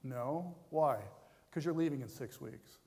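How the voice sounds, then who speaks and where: A man's voice: medium pitch, unhurried, vocal fry, mellow. A man quoting a blunt, matter-of-fact college chaplain in his own voice, in a reverberant hall. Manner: blunt, offhand.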